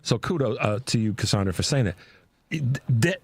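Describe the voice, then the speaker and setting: A man's voice: mid-range voice, brisk, breathy edge, no echo. A man hosting a radio talk show, speaking emphatically in casual chat with frequent restarts. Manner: animated, emphatic, with repeated restarts.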